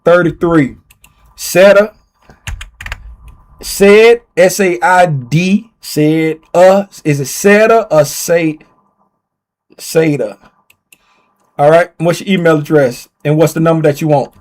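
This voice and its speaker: A man's voice: a little high, slow pace, pauses often, a little mellow. A man hosting a casual livestream giveaway, playfully reading viewer names aloud and repeating himself as he types them in. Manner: playful, teasing. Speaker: livestream host running a giveaway.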